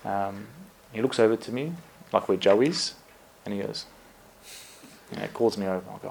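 Man w a lowish voice preaching casually, lots of ums, laughs at himself, faint hiss behind. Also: brisk, vocal fry, pauses often. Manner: relaxed storytelling with frequent fillers and self-corrections; laughs at himself while telling stories. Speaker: priest. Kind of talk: conversational sermon.

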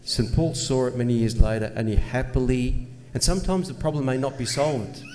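A man's voice: mid-range voice, a little fast, darkish tone. A man preaching a sermon in an earnest manner, asking rhetorical questions and pressing his points with emphasis. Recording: long reverb, faint ambient noise.

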